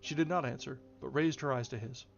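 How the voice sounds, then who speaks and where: A man reading a novel aloud in a measured way, now and then correcting a slip. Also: mid-range voice, creaky. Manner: measured, occasional self-corrections. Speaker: reader. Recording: slightly dull, faint music behind.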